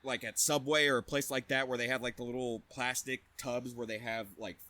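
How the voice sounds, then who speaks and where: A young man co-hosting a podcast, telling a profane, animated anecdote in casual chat. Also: mid-range voice, brisk. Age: young adult. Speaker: podcast co-host. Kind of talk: casual storytelling.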